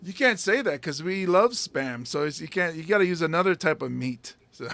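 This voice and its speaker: A man from Hawaii hosting a casual comedy podcast chat, animated and quick to laugh. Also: fairly high pitch, vocal fry.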